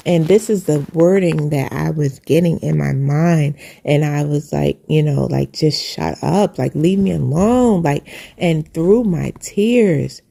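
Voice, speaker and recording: Woman, slow earnest testimony, mellow low voice, repeats herself like a preacher. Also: creaky. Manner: earnest, repetitive, preacherly phrasing. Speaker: Christian sharing a personal testimony. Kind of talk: heartfelt personal testimony.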